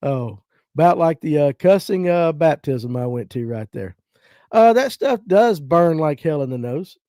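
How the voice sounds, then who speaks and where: A Southern man in his fifties with a North Georgia accent chats to his viewers in a folksy, storytelling way. His voice sits slightly high but sounds mellow and relaxed. It is recorded close to the mic, dry, with no room sound. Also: measured pace, no room sound. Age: 50s. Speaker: livestream host. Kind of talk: casual chat reading viewer comments.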